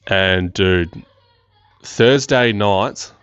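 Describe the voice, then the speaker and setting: A young man hosting a podcast, telling a story in a loose, excitable way, swearing freely and laughing often. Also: fairly low pitch, extremely slow, clear, resonant tone, no room sound, lo-fi sound. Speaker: podcast host. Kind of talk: casual storytelling.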